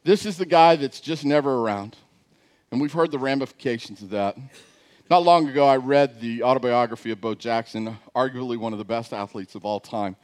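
A man preaching a sermon as a pastor, telling stories with loud, high jokes and dropping soft and low for serious points. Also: brisk. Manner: animated storyteller, climbs loud and high when joking.

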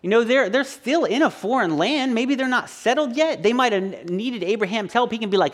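A man's voice: very high-pitched, animated, brisk, few pauses. A man in his thirties, a pastor giving a conversational sermon with joking stories and frequent restarts.

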